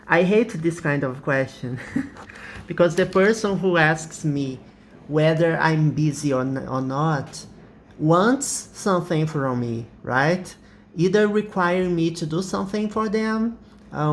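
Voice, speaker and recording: A man's voice: on the high side, slow, a little hiss or hum. A man whose first language is Portuguese, teaching English in a patient, explanatory way, repeating examples and laughing often. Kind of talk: slow explanatory lesson.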